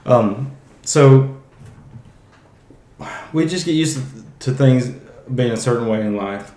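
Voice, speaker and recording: A man's voice: mid-range voice, takes it slowly, dark tone. Man teaching Bible in an echoey room. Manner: conversational, restarts phrases, acts out Bible quotes. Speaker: podcast host. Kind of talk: casual Bible teaching podcast.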